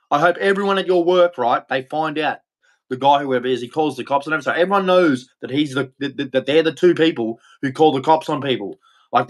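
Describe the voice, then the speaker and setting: Profane Australian man ranting angrily. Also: fairly high pitch. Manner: profane, insulting, repetitive. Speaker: livestreamer. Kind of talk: angry ranting monologue.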